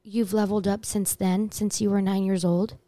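A woman chatting on a podcast, frank and free with swear words. Her voice is mellow and warm, recorded dry and close, at a middle pitch. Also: little pitch movement, moderate pace, no echo. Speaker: podcast co-host. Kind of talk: casual chat.

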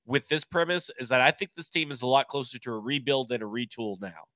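A man's voice: medium pitch, fast, pushed and bright, no room sound. A man co-hosting a casual sports podcast, giving blunt, emphatic opinions. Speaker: podcast co-host.

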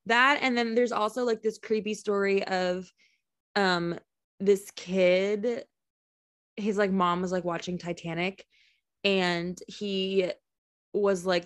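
A woman's voice: medium pitch, fairly even intonation, takes it slowly, dry recording, studio quality. Giggly chatty woman podcaster. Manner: chatty, giggly, lots of fillers. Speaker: podcast co-host. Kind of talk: casual true-crime podcast chat.

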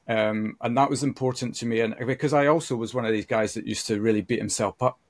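A man in his fifties, a podcast guest speaking thoughtfully in a halting way, with many restarts. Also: mid-range voice, steady tone. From United Kingdom. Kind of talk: reflective conversation.

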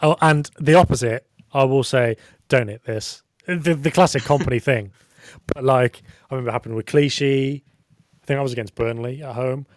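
A man's voice: medium pitch, brisk, no room sound. A man chatting casually on a podcast, rambling and self-deprecating. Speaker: podcast co-host. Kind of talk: casual chat.

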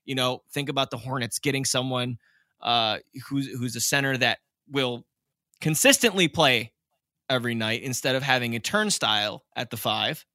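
A man hosting a casual sports podcast, animated and opinionated, laughing often. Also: mid-range voice, normal speed, no echo, clean studio sound. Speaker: podcast host.

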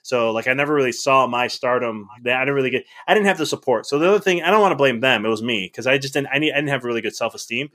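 A middle-aged man as a podcast guest, telling stories in a casual, animated way, acting out the dialogue with frequent restarts. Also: mid-range voice, very fast, hardly any pauses. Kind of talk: casual storytelling.

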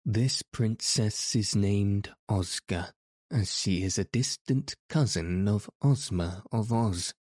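A man's voice: on the low side, takes it slowly, darkish tone, no echo, clean studio sound. A man doing a patient old rose gardener. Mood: explaining.

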